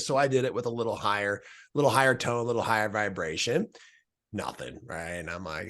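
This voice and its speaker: A middle-aged man, a podcast guest, telling a personal story in a casual, animated way and acting out the voices he quotes. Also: fairly low pitch, quick pace, gravelly.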